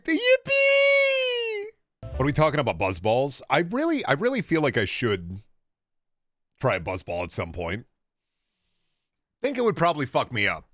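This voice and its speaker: A man streaming a video game, chatting casually with a rambling, profane, often animated delivery. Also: medium pitch, dry recording. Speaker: gaming streamer. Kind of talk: casual live-stream chat.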